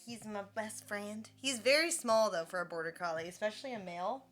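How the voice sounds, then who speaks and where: A woman livestreaming, chatting casually, thanking subscribers and talking in a high sing-song baby voice to her dog. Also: fairly quick, fairly bright tone, soft background music.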